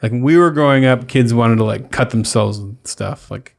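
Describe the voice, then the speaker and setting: Gravelly male podcast co-host. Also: mid-range voice, normal speed. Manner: joking asides, hesitant fillers. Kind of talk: casual podcast banter.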